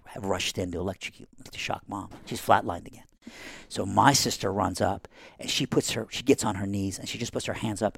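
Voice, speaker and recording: A low-pitched, gravelly man spins a family story as a podcast guest and acts out each person in it. He is middle-aged and from Iran. The sound is close and dry, with no room sound. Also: no room sound. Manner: animated, acting out quoted family members.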